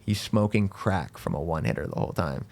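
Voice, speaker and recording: A man's voice: low voice, expressive, a little fast, creaky, a little mellow. A man, a comedian guest, telling a rambling, self-deprecating story in casual podcast chat, full of "like" and "dude".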